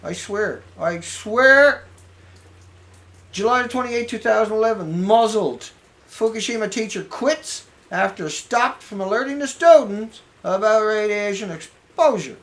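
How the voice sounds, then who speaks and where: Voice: medium pitch, lively intonation, unhurried, a bit bright. A video blogger reading out news headlines in a rambling, sarcastic way, muttering asides to themself.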